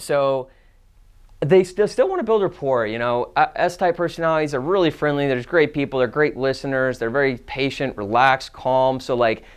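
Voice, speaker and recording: Smooth-voiced man teaching sales. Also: mid-range voice. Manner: casual, fast-paced, acts out customer dialogue. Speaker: sales trainer. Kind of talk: instructional talk with role-played sales lines.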